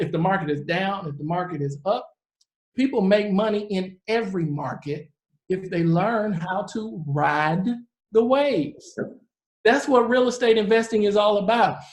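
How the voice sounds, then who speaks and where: A man in his forties, a real estate investor, giving a live presentation and telling stories in an earnest, animated way. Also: high-pitched. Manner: earnest, animated storyteller who acts out the people he quotes. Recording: roomy echo.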